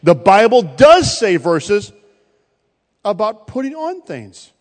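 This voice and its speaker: A male pastor preaching a sermon, swinging from loud bursts to quiet, pointed asides. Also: sits high, sing-song, takes it slowly. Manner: preaching with sudden loud rises and quiet drops. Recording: long hall reverb.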